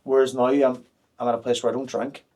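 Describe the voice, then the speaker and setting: A man's voice: medium pitch, little pitch movement, quick pace, a little mellow. A man in his thirties, a podcast guest talking openly and frankly, with plenty of fillers and restarts. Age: 30s. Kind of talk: candid podcast conversation.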